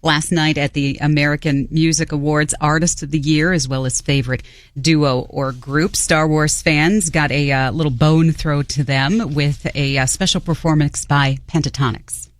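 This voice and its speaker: A woman co-hosting a morning radio show and reading entertainment headlines in a brisk way. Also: low-pitched, steady tone, no room sound. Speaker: radio co-host, news reader.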